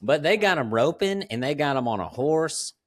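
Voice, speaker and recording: A man, hosting a podcast and telling ranch stories in a relaxed, drawling way, laughing often. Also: on the high side, moderate pace. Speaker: podcast host. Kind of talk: casual storytelling chat.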